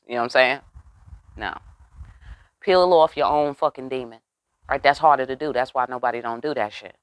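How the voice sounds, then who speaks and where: This blunt, streetwise tarot reader curses freely and keeps throwing rhetorical questions at the audience during a casual spiritual reading. The mid-range voice is smooth and moderately paced, with long pauses and a dry, emphatic delivery.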